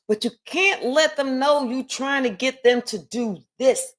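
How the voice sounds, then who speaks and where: A woman's voice: high voice, unhurried, a bit bright. Chatty, rambling woman tarot reader. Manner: rambling, chatty, swears freely. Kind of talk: casual live reading.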